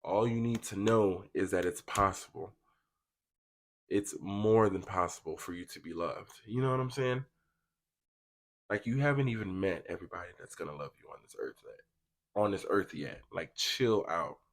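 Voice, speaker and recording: A man's voice: sits low, moderate pace. A young man giving a casual pick-a-card tarot reading, chatty and slangy, talking straight to his viewers. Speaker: tarot reader.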